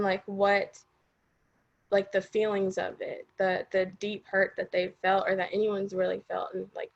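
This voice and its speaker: A woman's voice: medium pitch, dull audio. Woman sharing a personal story, hesitant. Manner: hesitant, with many fillers and nervous laughs. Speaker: interviewee.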